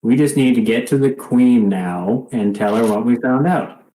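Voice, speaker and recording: A man's voice: medium pitch, normal speed, warm tone. Man in a roomy space, dry game chat. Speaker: player. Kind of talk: casual tabletop game chat.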